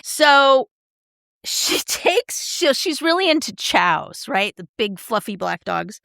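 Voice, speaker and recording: A woman's voice: a little high, sing-song, slow, gravelly, a bit bright, no room sound, studio quality. A middle-aged woman co-hosting a podcast, chatting casually and retelling stories with lots of "like" and "right?". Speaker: podcast co-host. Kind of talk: casual chat.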